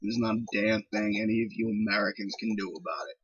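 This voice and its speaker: A man's voice: fairly low pitch, flat delivery, fast, slightly rough, no echo, muffled recording, voice pushed down. A man voicing a menacing male wrestler who bluntly declares a takeover. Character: threatening male invading wrestler.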